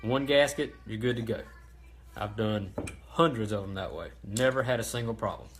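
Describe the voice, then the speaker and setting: A man's voice: fairly low pitch, moderate pace, a little hiss or hum. Chatty man hosting a parts livestream. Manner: relaxed and chatty, with many ums and restarts. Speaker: host of a racing parts livestream. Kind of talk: casual how-to livestream.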